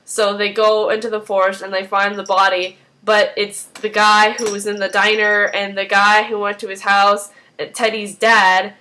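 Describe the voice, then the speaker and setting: A woman's voice: medium pitch, fairly bright tone. A woman casually recapping a TV episode, rambling along with lots of "like" and "um" and a few apologetic asides. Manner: rambling, heavy use of "like" and "um".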